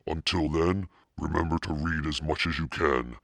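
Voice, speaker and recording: A man hosting a reading podcast as the devil, narrating a book slowly in a sinister persona. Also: fairly bright tone, dry recording. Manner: slow, deep gravelly devilish delivery.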